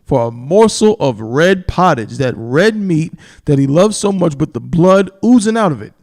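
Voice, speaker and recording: A man teaching from the Bible on a live stream, emphatic, repeating "you understand?" and slowing down to stress key words and scripture. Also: fairly high pitch, sing-song, darkish tone. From New York. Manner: reads scripture in a slow, solemn cadence.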